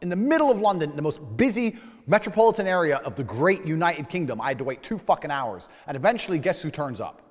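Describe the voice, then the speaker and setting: A man tells a story at a quick clip, cursing freely and swinging his voice up and down. His pitch sits a bit above the usual for men. A long reverb hangs after his words, as if he were in a big hall. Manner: animated, profane, acts out dialogue. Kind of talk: casual storytelling.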